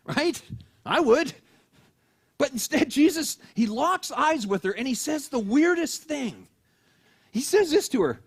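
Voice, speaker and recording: A man's voice: very high-pitched, very animated, moderate pace, husky. A man preaching a sermon in a church, telling a story and acting out the voices of the people in it. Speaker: pastor.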